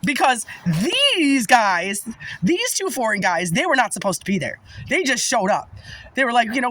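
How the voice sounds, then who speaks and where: A woman's voice: on the high side, big pitch swings, normal speed, fairly bright tone, slight background noise, poor audio. A woman telling a personal story in casual monologue, agitated and emphatic, swearing often.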